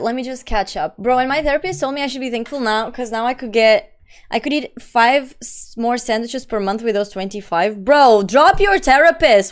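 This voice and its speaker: A young woman hosts a live stream in casual, talkative chat, her voice sitting a little high. She reads her viewers' messages aloud and answers in quick, slangy bursts.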